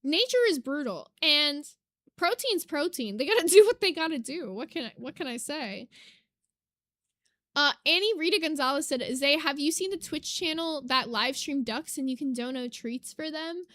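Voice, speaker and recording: A young woman chats casually on her live stream and reads out comments, her voice high and bright. She gets excitable and swears casually, and the sound is close and dry with no room echo. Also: moderate pace. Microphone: desk mic.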